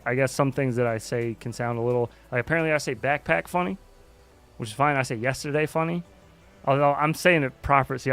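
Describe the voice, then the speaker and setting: A man's voice: medium pitch, fairly bright tone, clean tone. Rambling, foul-mouthed man hosting a stream. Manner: rambling and loose, swearing often. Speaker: livestream host. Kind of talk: casual chat while flying a drone simulator.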